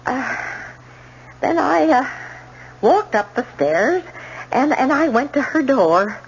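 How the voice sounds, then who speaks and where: A jittery witness on the stand, stumbling over her words in a high voice that leaps up and down. It is an old 1970s radio drama, and the broadcast recording sounds dull and lo-fi. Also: very animated, takes it slowly, slight background noise, full character voice. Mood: nervous. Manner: stammering, hesitant. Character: nervous young woman witness on the stand.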